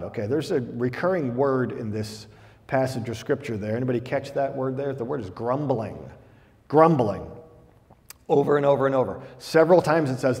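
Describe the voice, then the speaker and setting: A man's voice: medium pitch, animated, normal speed, darkish tone, long reverb tail. A male pastor delivering a conversational, humorous sermon, reading Bible passages aloud between jokes.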